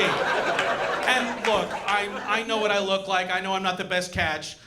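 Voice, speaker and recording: A young man performing a stand-up comedy set on a club stage, animated and acting out the voices of the people in his jokes. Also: sits high, a little slow, over a noisy crowd, very noisy. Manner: animated, acts out voices and punchlines.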